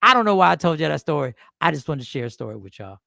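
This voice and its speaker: A man hosting a casual talk show, telling a personal story in an animated way, repeating himself. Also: a little high, rapid-fire, gravelly, dry recording, clean studio sound. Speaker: host.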